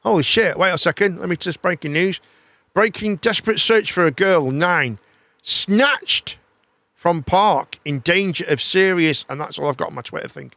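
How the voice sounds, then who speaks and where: A man hosting a live chat show, rambling in a casual, animated way and swearing freely. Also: sits high, normal speed, gravelly, dry recording.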